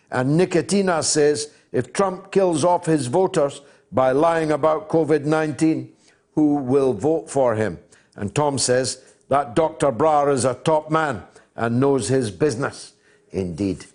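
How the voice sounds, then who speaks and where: A Scottish man in his sixties hosting a call-in radio talk show, reading out listener messages in a dry, measured way. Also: a little high, darkish tone. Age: 60s. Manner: dry, measured, with frequent uh fillers.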